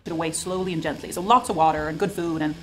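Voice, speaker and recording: Soft-spoken woman vlogging. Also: low-pitched, steady tone, quick pace, poor audio. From Norway. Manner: soft, cooing, talks sweetly to partner and pets. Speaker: lifestyle vlogger. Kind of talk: vlog narration.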